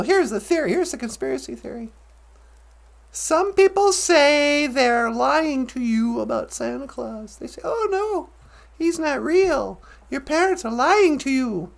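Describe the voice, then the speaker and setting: A chatty, teasing auntie character, put on by a man, with a high, swooping voice that climbs and dips all over. She drawls her sarcastic asides slowly and leans into every line. Her comedy patter has a giggly, sing-song lilt. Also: vocal fry, heavily acted. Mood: mock-conspiratorial. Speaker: show character.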